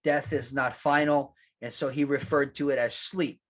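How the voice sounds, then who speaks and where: A man preaching a sermon as pastor, conversational and animated, acting out quotes and restarting his sentences. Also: mid-range voice, moderate pace. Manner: animated, acts out quotes, laughs at his own lines.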